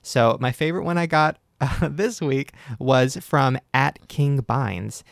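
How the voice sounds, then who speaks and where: A young man in his twenties hosting a comedic casual chat, teasing guests with quick jokes. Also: medium pitch, creaky, dry recording, clean studio sound. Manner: joking, teasing, quick asides. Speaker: podcast host.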